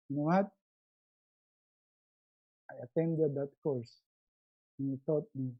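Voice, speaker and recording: Giving a motivational webinar talk, a resiliency coach from the Philippines speaks with a Filipino accent at a moderate pace, pausing often. He's emphatic, repeats key words, and frequently lowers his voice to a soft hush to stress a point. The sound is lo-fi.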